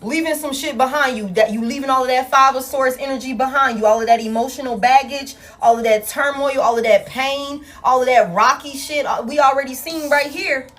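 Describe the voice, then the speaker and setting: A woman's voice: high voice, a little fast, few pauses. Blunt, profane woman reading tarot cards. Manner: blunt and profane, addresses viewers as y'all. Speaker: tarot reader. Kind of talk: casual tarot reading monologue. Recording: soft music in the background.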